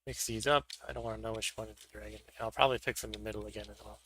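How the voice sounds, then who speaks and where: A man's voice: on the low side, fairly even intonation, very fast, pushed and bright, slight background noise. A man hosting a board game stream, chatting casually and thinking aloud as he sets up pieces for a solo game. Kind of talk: casual solo play-through commentary.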